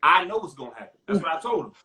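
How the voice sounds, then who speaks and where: A man's voice: on the high side, rapid-fire, background noise. A man, a podcast guest, telling his own story casually and mimicking the voices of people in it. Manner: expressive, mimics voices in stories. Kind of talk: casual testimony chat. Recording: echoey room.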